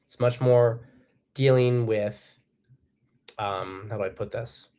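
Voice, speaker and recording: A man's voice: medium pitch, fairly even intonation, slow, dark tone. A man giving solo political commentary as host, blunt and profane, with emphatic bursts. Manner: acts out quotes in a harsh voice.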